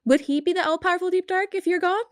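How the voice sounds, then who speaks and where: A woman's voice: extremely high pitch, fairly even intonation, fast, dry recording, clean studio sound, pitched above the performer's own voice. A woman playing Izzy, a defiant woman swordfighter, in a tabletop game. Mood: taunting. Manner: taunting.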